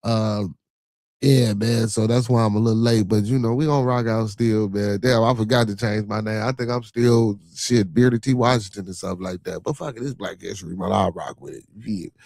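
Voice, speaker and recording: Fairly low and fairly even, a little fast, creaky and darkish in a dry recording: that's the voice of this middle-aged Chicago-accented podcast host. On his livestream he delivers a casual, profane monologue, ending nearly every idea by asking the listener something, with "you feel me" coming up again and again.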